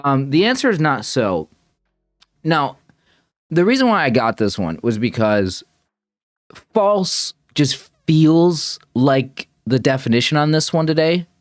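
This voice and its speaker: A man's voice: on the high side, sing-song, measured pace, no echo, clean studio sound, faint music behind. A man thinking aloud as he reacts to a puzzle video, rambling and correcting himself as he goes. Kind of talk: casual thinking-aloud commentary.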